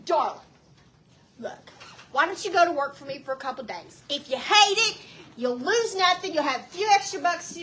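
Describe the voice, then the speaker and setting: Southern woman doing a coaxing, salesman-like man recruiter; high, bright, lively read. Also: moderate pace, slight background noise. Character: smooth-talking man offering a young woman a job.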